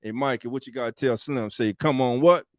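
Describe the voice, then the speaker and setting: A man hosting a casual sports podcast live stream, greeting viewers with loud, hyped shout-outs, speaking. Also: mid-range voice, brisk, no room sound, studio quality. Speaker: podcast host.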